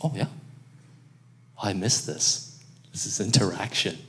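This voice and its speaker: A man preaching a sermon in a lively, conversational way, joking with the congregation and calling on them to respond. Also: fairly low pitch, a little slow. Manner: lively, conversational preaching with jokes and audience interaction. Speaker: pastor.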